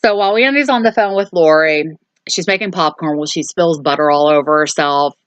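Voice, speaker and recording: Low-voiced woman recapping a movie. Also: a little fast, smooth, no echo. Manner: rambling, lots of um and so. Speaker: host.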